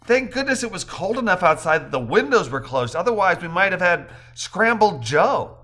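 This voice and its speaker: A man's voice: high-pitched, very animated, normal speed, pushed and bright, voice pushed up, heavily acted. A man reading as a chatty young wife. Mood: amused.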